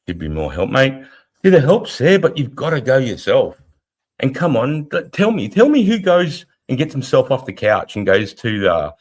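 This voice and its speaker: Profane, heated Australian man, low voice. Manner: blunt and profane, rambling, heated. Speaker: livestream co-host, army veteran. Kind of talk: casual live-stream chat.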